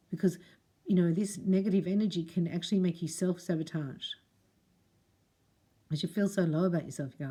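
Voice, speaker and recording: Woman, middle-aged, spiritual reader, casual to camera, chatty, speaks to the viewer directly, lowish pitch. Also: brisk, mellow. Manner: chatty, addresses the viewer directly, reads prayers aloud. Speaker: spiritual reader and Reiki teacher.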